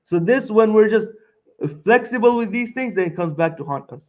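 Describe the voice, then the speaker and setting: A young man lectures a seminar audience in a fairly high voice, pressing each point and circling back to repeat it. He keeps checking in with a quick "right?" between lines. The recording is dull and lo-fi. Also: animated. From Montreal, Canada.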